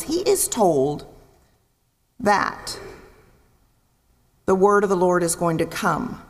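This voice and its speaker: A woman preaching a sermon in a church, expressive, acting out voices and asking her listeners questions. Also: fairly low pitch, slow pace, pauses often. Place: church sanctuary. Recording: long reverb in a large hall.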